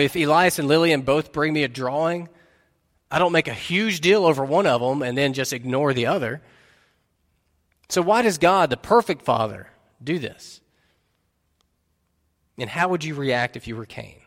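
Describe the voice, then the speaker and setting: A man's voice: a little high, a little slow, long pauses, fairly bright tone. A man preaching a sermon as pastor, earnestly putting questions to his listeners. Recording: long reverb of a large hall.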